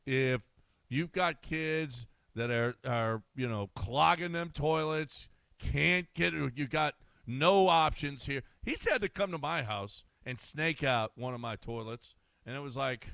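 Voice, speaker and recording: A man's voice: mid-range voice, measured pace, creaky, fairly bright tone, clean tone, no echo. A man co-hosting a sports radio show, teasing his partner and telling loose stories. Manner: dry teasing, storytelling. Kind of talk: casual studio banter. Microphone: studio microphone.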